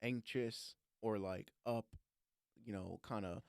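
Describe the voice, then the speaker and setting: A man's voice: lowish voice, slow pace, creaky, smooth, no echo, clean studio sound. A man co-hosting a casual faith podcast, joking around with playful asides. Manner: joking, animated, lots of fillers and playful asides. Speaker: podcast co-host.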